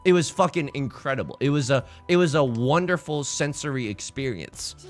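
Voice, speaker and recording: A man's voice: medium pitch, animated, normal speed, faint music behind. A man live-streaming a game, chatting casually and jokily, rambling and repeating his own phrases while greeting viewers. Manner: greets chat by name mid-sentence. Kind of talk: casual stream chat with gameplay commentary.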